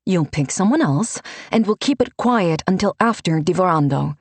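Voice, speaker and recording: A woman's voice: on the low side, animated, normal speed, darkish tone, no echo. A woman voicing a stern, devout older woman mentor who speaks fervently and firmly. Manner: fervent, scolding, firm.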